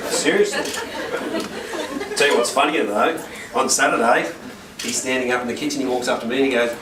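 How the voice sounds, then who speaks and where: A man's voice: medium pitch, fairly quick, long pauses, crowd noise. A man, a corporate trainer telling stories to a workshop audience and often checking for agreement. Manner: energetic storytelling, asks the room for agreement. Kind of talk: workshop talk to a live audience. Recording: roomy and distant, with noise.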